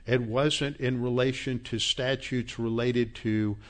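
A man's voice: medium pitch, fairly even intonation, slow pace. A man preaching a sermon, citing scripture verses and scolding his listeners with growing force. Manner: emphatic, rising to angry scolding; quotes scripture references. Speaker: pastor.

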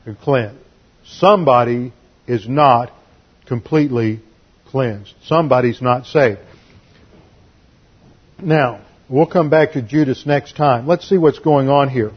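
Man, slightly high husky voice, emphatic Bible teacher, dull lo-fi sound. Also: measured pace. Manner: emphatic, explains Greek and Hebrew words. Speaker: preacher.

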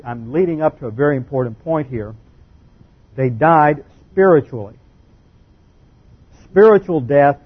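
A man with a slightly husky voice delivers a Bible lecture from the pulpit, slow and emphatic, leaning hard on key words. The recording is muffled and lo-fi. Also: fairly high pitch. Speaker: Bible teacher. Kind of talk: sermon-style Bible lecture.

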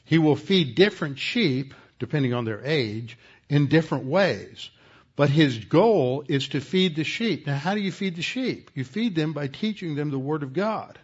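A man teaching a lecture on scripture in a measured, explanatory way, stopping now and then to correct himself. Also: a little high, lively intonation, breathy edge, muffled recording. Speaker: Bible teacher.

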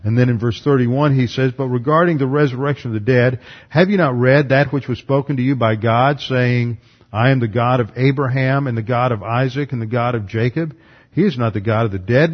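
A Bible teacher gives a methodical, numbered lesson, reading verses aloud and then explaining each one. His voice is mid-range and husky at a moderate pace, on a lo-fi recording.

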